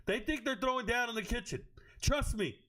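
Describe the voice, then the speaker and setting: A man with a high-pitched voice hosts a casual livestream, reading chat and firing off crude jokes. He jumps quickly from one comment to the next in animated trash talk. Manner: loud, profane, joking trash talk.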